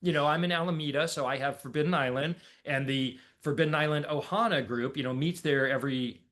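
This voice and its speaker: A man's voice: fairly high pitch, fairly quick, a bit bright. A man telling a long story as a podcast guest, casual and rambling, with lots of fillers and laughs.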